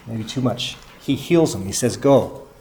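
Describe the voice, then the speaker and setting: A man's voice: medium pitch, lively intonation, normal speed, a little mellow, slight background noise. A man teaching a Bible lesson to a group, reading scripture aloud and asking the listeners questions. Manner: asks the group questions and repeats their answers.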